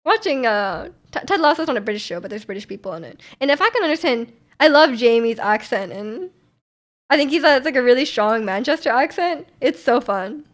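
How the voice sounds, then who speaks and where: A young woman talks casually on a stream from home into a desk mic. Her voice sits a bit high. She rambles, restarts her sentences and laughs often while answering chat. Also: lively intonation, brisk. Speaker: livestreamer.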